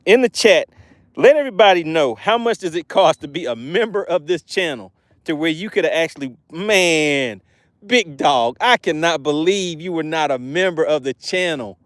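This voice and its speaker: While fishing, this man hosts a livestream at a moderate pace, his voice fairly high. Chatty and promotional, he reads chat messages aloud and often breaks into excited exclamations. The audio is close and dry, without any room sound.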